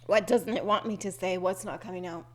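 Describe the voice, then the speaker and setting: A woman hosting a spiritual podcast, talking unscripted, with a throat tickle. She searches for words, restarts often and repeats earnest affirmations. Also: medium pitch. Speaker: podcast host.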